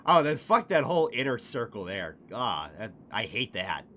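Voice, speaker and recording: A man streaming a video game, giving casual commentary that is profane and excitable, with frequent laughter. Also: medium pitch, normal speed, a little hiss or hum.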